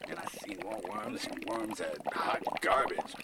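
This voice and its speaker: An actor playing a bewildered modern man stuck in a dream as a groveling servant, who booms flowery praise and mutters confused asides. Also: unhurried, close to an everyday voice. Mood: baffled. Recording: noisy recording.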